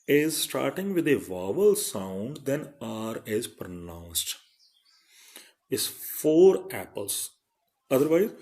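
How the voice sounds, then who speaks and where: A man's voice: medium pitch, darkish tone. A middle-aged man giving an online phonetics lecture as a college principal, carefully repeating word pairs to demonstrate sounds.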